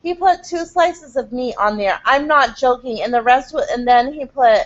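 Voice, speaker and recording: A middle-aged woman vlogger telling a frustrating story in quick, animated casual talk. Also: high-pitched. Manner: fast, animated, frustrated retelling. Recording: dull lo-fi home recording.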